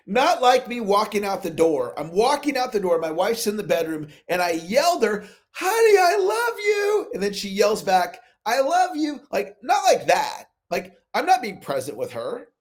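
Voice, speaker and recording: A man's voice: high-pitched, moderate pace, hardly any pauses. A man hosting a motivational coaching call over video, telling stories and acting out both sides of his conversations. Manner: animated storytelling, acts out both sides of dialogues. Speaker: sales coach, call host. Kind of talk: motivational talk on a live call.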